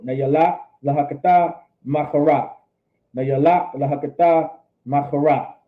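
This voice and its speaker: A man teaching a language lesson, repeating phrases slowly and explaining them. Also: fairly high pitch. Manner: slow, repetitive drilling of phrases. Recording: tinny phone-like audio.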